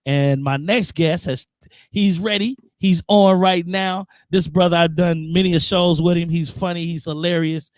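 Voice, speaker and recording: A man's voice: a little high, fairly even intonation, normal speed, dry recording, studio quality. Laid-back man guest-hosting a live show. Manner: laid-back, reads out viewer comments. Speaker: guest host. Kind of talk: casual live radio chat.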